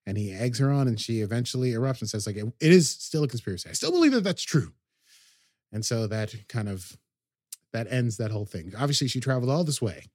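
A man's voice: on the low side, a little mellow, no room sound, clean studio sound. A man hosting a podcast, recapping an episode in casual chat, rambling and hesitant with many ums and restarts. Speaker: podcast host.

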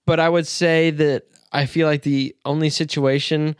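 A man's voice: fairly high pitch, flat delivery, normal speed, clean tone, no echo. Man, podcast co-host, joking, swears, laughs often, dry close sound. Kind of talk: casual chat.

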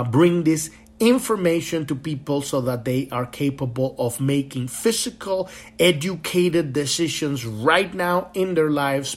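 A man hosting a spiritual podcast, talking in a passionate, rambling monologue full of swearing. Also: fairly high pitch. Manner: profane, impassioned and rambling. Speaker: podcast host.

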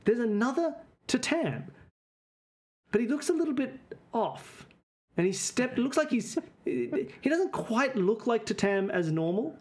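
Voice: mid-range voice, big pitch swings, unhurried, a little mellow. A game master narrating a tabletop game in a playful, laughing way.

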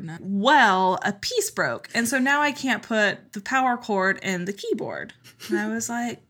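Woman pastor guesting on a podcast, dry jokes, keeps laughing, bright voice. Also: a little high, animated, unhurried. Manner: wry, laughing storyteller. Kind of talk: casual podcast chat.

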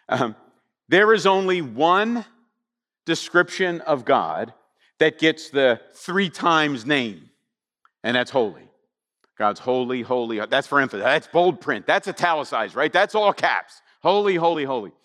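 Animated high-voiced preacher in a reverberant hall. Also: male voice. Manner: animated, conversational, frequent rhetorical questions. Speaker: pastor. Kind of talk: sermon.

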